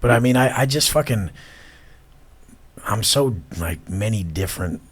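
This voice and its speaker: Casual podcast guest: husky, blunt man who curses constantly and talks with intensity. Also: lowish voice, expressive, unhurried. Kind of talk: casual chat.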